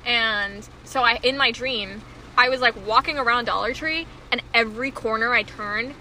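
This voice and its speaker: A young woman co-hosts a casual chat from Houston while rain falls outside, gasping in reaction and telling stories stuffed with fillers. Her voice is a little high and her pace moderate, with a slight hiss or hum on the recording.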